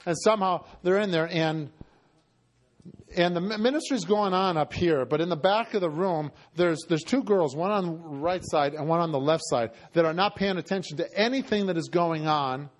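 High-voiced impassioned male preacher. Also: normal speed. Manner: impassioned, often rising to a cry. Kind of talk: sermon storytelling.

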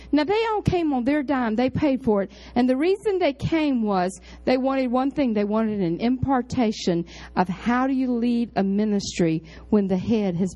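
A woman pastor with a drawl preaches in a chatty storytelling way. Her voice sits a little high, and she leaps into excited highs and drops into low, quiet asides. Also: rough recording. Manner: chatty, animated, jumps between high exclamations and low asides. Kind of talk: storytelling sermon.

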